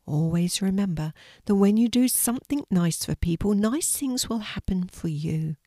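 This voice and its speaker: A woman voicing a tiny, gentle fairy in a storybook, speaking in a soft, hushed, kindly way. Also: medium pitch, animated, moderate pace, no echo, studio quality, close to an everyday voice.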